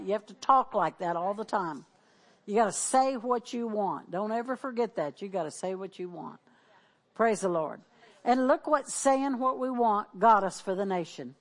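A woman's voice: medium pitch, moderate pace. A middle-aged woman pastor preaching, exhorting the congregation with call-and-response and repeated declarations. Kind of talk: sermon.

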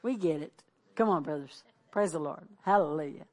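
A middle-aged woman pastor delivers a sermon in a low voice at normal speed. She exhorts her congregation through call-and-response and repeated declarations.

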